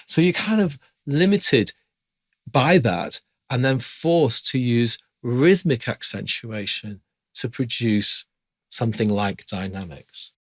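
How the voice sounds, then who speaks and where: A man's voice: mid-range voice, expressive, slow. A man teaching piano in a chatty, informal way, stopping to sing rhythm syllables aloud as he explains. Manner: chatty, scat-sings rhythms while explaining. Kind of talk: informal music lesson.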